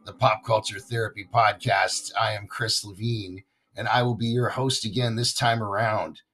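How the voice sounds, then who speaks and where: Hoarse, raspy-voiced male podcast host. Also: lowish voice, fairly even intonation, moderate pace, a bit bright, faint music behind. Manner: chatty, enthusiastic, talks straight to listeners. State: hoarse, recovering from lost voice. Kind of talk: casual podcast monologue.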